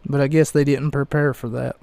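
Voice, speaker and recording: A young man hosting a casual podcast, rambling through reviews with many fillers, pauses and restarts. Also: medium pitch, level tone, vocal fry, a little mellow, dry recording. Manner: slow, halting, many fillers and self-corrections. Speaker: podcast host reviewing wrestling events.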